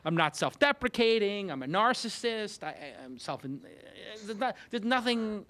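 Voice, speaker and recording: Fast animated Brooklyn man, fairly high voice. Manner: animated, opinionated, joking rants. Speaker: host. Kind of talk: casual roundtable chat.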